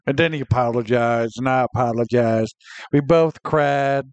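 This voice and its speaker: A man hosting a comedy podcast, answering in a deadpan way with naive questions. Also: mid-range voice, moderate pace, no room sound, dull audio. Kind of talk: casual podcast banter.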